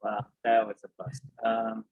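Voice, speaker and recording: A man's voice: fairly low pitch, monotone, unhurried, narrow, tinny audio. A man player at a tabletop game, laid-back, often restarting his words. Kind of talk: casual chat at a tabletop game.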